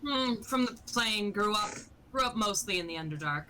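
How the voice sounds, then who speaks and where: A woman's voice: mid-range voice, animated, moderate pace, noisy background, lightly acted. A woman playing a greedy, ambitious female smuggler prisoner in a tabletop game, speaking in a matter-of-fact way.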